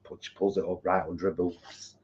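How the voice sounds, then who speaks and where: A man's voice: low voice, flat delivery, brisk, darkish tone. A man, co-hosting a live kitchen stream and telling camp, gossipy stories. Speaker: co-host of a live cooking stream. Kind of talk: casual chat. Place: home kitchen. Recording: dull lo-fi sound.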